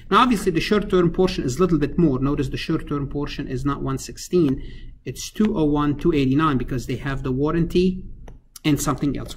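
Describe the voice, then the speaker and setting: A man's voice: fairly high pitch, a little hiss or hum. Man lecturing, thinking aloud over numbers. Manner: thinks aloud while working numbers, many fillers and restarts. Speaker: accounting lecturer. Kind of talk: recorded screen-capture lecture.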